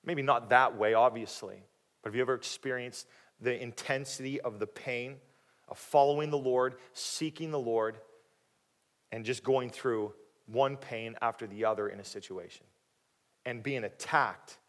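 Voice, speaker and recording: A man preaching a sermon, animated and dramatic, acting out the people in the story and dropping quiet for questions to the listeners. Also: moderate pace. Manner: animated, acting out quoted voices with big swings in pitch and loudness. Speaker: pastor.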